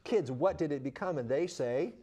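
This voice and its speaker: A man's voice: a little high, normal speed, slightly rough. A middle-aged man telling stories in an interview as a children's missionary, acting out the people he quotes. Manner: animated storyteller acting out quotes. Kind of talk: storytelling in an interview.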